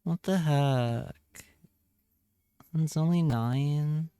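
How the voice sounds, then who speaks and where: A man's voice: fairly high pitch, drawn-out words, dark tone, smooth, dry recording, studio quality. A man chatting casually on a live stream, reading chat aloud and joking around. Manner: playful, jokey, reads chat aloud.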